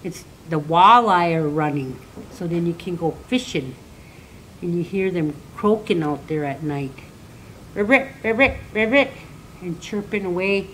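An elder teacher, an older woman, gives a slow, gentle lesson for children, counting, singing, and repeating words for them to say back. Her voice is lowish, and the poor audio carries a little hiss or hum.

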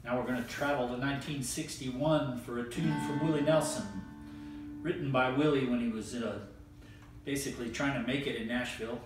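An older man hosting a casual oldies chat, relaxed and rambling, pausing often to think. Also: mid-range voice. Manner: relaxed, rambling with frequent "uh" pauses. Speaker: host. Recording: echoey room, distant mic, music underneath.

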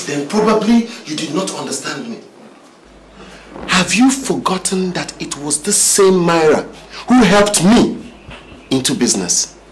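A man's voice: fairly high pitch, a bit bright, slight background noise. A man with a Nigerian accent playing a young man who defends the woman he loves to his mother. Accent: Nigerian English. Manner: pleading, insistent. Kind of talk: film drama acting. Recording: echoey room with film music.

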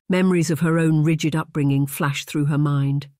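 An audiobook narrator with a medium-pitched voice reads a romance novel as scripted narration, in a measured, even storytelling style. The recording is dry and studio-clean.

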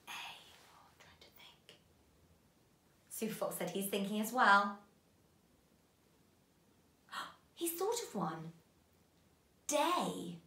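A woman teaching a phonics lesson to young children, speaking in a slow, sing-song, encouraging way. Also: mid-range voice, vocal fry, a bit bright. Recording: roomy echo.

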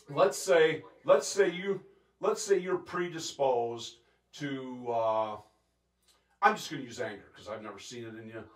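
A man preaching a sermon as pastor, intense and animated, acting out quotes and laughing between points. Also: fairly high pitch, echoey room. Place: church sanctuary.

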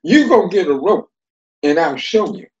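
Brief: man doing a sly small turtle, squeaky and plaintive, lively sing-song storybook voice. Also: normal speed, muffled recording. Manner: plaintive, wailing. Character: small slow male terrapin, humble and sly.

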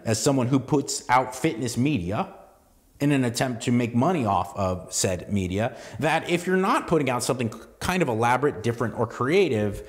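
Through a long reverb tail, a mid-range male voice carries a rambling solo podcast monologue. The southern California host swears freely, keeps restarting, and drifts into asides.

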